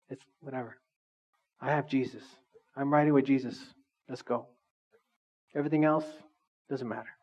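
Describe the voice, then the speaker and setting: A male pastor preaching a conversational sermon, animated and full of asides to the congregation. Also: mid-range voice, muffled recording.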